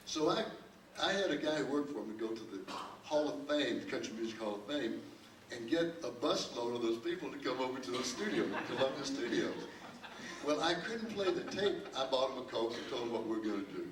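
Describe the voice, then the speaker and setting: An older man on a panel tells a long, rambling story, stopping and restarting often and chuckling as he goes. His voice sits at an ordinary pitch. The sound is roomy and picked up from a distance, with faint ambience around it. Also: fairly bright tone, a little hiss or hum. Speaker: panel guest, record producer. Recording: echoey hall, distant mic, faint ambience.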